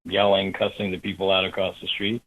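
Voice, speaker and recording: Guy w a husky lowish voice telling a story on a radio interview, gets animated. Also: brisk, phone-quality sound. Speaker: guest.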